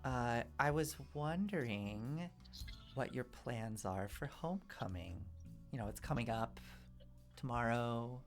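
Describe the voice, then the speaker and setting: A woman's voice: very deep voice, expressive, takes it slowly, faint music behind, full character voice. A woman voicing a popular, scheming teenage girl cheerleader in a tabletop role-playing game, talking in a breezy, self-assured way. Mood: sweetly persuasive.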